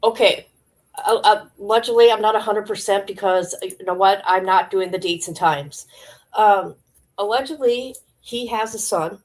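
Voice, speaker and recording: A woman's voice: medium pitch, normal speed. A woman hosts a casual livestream with an everyday mid-range voice. She chats loosely and speaks straight to her viewers. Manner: chatty, addresses viewers directly. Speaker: livestream host. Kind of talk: casual gossip commentary.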